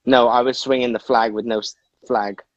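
A man who dances professionally, chatting on a podcast and telling animated stories through frequent laughter. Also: medium pitch, normal speed. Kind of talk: casual podcast chat. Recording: dull lo-fi sound.

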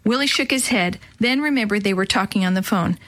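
A woman's voice: medium pitch, fairly quick, a bit bright. Woman reading a children's story. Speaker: audiobook narrator. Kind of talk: scripted narration of a children's book.

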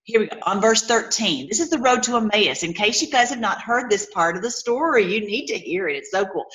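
A woman's voice: medium pitch, animated, brisk, hardly any pauses, a bit bright, low-quality recording. A woman giving an informal, enthusiastic Bible teaching. She reads scripture aloud and talks chattily and directly to her viewers.

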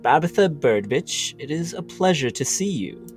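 A man's voice: on the high side, expressive, slow pace, faint music behind. A man voicing a humble, jovial king with a proper mid-Atlantic accent and a genial, teasing manner. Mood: amused.

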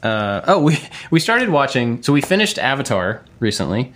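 A middle-aged man co-hosting a podcast, telling stories in a relaxed, chatty way with many fillers and laughs. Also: mid-range voice, normal speed, slight background noise. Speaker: podcast co-host. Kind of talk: casual chat.

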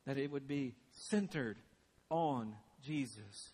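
A man preaching a sermon as pastor, earnest and urgent, dropping to a hushed intensity for emphasis. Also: mid-range voice, measured pace, long reverb tail.

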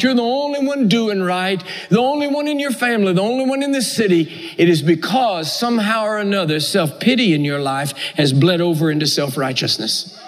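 A man preaching a sermon with an emphatic, repetitive cadence. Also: sits high. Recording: echoey hall.

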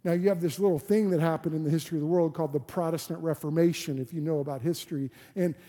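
A man's voice: a little high, fairly even intonation, fast, mellow. A man preaching a sermon as a pastor, earnest and full of rhetorical questions and restarts. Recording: long hall reverb.

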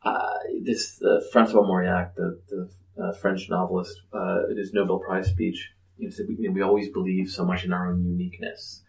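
Gravelly-voiced author with halting speech. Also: male voice, low-pitched, flat delivery, roomy sound, rough recording. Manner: reflective, halting with many fillers. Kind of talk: panel discussion.

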